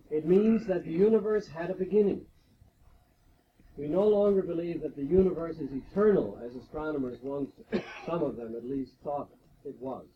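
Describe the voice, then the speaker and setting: A man giving a measured, explanatory lecture-style talk at a faculty retreat, posing rhetorical questions as he goes. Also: a little high, slight background noise. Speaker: guest speaker at a faculty retreat devotion. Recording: dull lo-fi 1980s tape recording.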